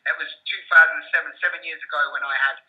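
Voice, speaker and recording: A man's voice: a little high, steady tone, fast, lo-fi sound. A man in his thirties, a guest coach in an interview, talking in a rambling way with many restarts. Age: 30s. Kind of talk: interview conversation.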